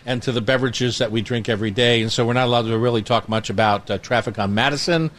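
A man's voice: medium pitch, fast talker, fairly bright tone. A man hosting a casual food radio show from a kitchen studio, upbeat and rambling with jokes. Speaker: radio show host and chef.

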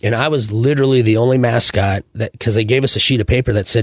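A man in his forties, a former sports mascot, telling animated, rambling stories in a casual interview, full of fillers and restarts. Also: fairly low pitch, quick pace, hardly any pauses, no room sound, studio quality.

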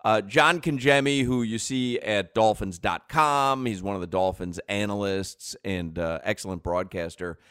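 A man hosting a sports talk radio show, telling rambling stories in an animated way and laughing often, on a close studio mic. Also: lowish voice, moderate pace, hardly any pauses, clear, resonant tone, no echo.

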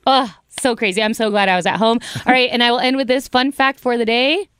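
A woman co-host on morning radio with a fairly high voice, recorded very dry and close. She talks in an upbeat, chatty way as she keeps the segment moving. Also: steady tone, quick pace, fairly bright tone, clear, resonant tone, dry recording.

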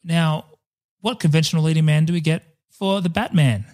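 His voice is on the high side and a little mellow, moving at a moderate pace. He's a co-host on a casual movie podcast, cracking jokes, cursing, and going off on tangents.

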